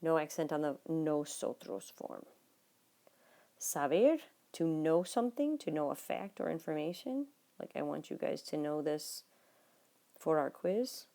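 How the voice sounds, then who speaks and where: A woman teaching a Spanish lesson, her voice low and mellow with a gravelly edge. She explains patiently and talks straight to her students. Now and then she drops to a soft murmur while writing on the page. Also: sing-song, a little slow. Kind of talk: recorded classroom lesson notes.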